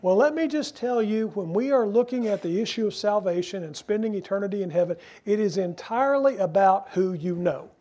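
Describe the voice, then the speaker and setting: A man preaching a sermon as pastor, earnest and emphatic, asking rhetorical questions and slowing down to stress key phrases. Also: sits high, mellow.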